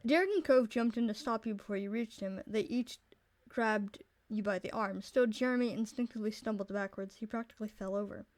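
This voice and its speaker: A young woman streamer narrating a visual novel aloud, blunt and quick to swear. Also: mid-range voice, a little mellow, dry recording.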